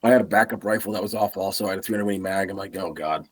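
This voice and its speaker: A man on a podcast telling an animated hunting story, acting out the lines of the people in it. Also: fairly low pitch, rapid-fire. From Massachusetts. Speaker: podcast guest.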